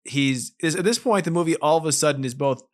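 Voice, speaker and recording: A man in casual podcast chat, trading sarcastic jokes with a co-host. His voice sits a little high, and he swears offhandedly as he riffs on a movie. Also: quick pace. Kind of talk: casual chat recapping a film.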